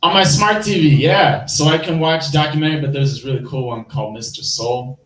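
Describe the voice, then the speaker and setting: A man's voice: fairly high pitch, fairly quick, a bit bright, roomy sound, distant mic, low-quality recording. A man with a Midwestern accent doing rambling, self-deprecating stand-up, laughing at his own jokes. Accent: Midwestern American. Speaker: stand-up comedian. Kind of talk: stand-up comedy set on a live stream.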